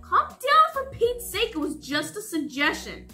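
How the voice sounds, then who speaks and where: A woman's voice: sits high, lively intonation, fast, bright, forceful tone, faint music behind, pitched above the performer's own voice. A woman reading aloud, voicing a strict, exasperated father who issues warnings at the dinner table. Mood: stern. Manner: stern, warning. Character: exasperated strict middle-aged dad.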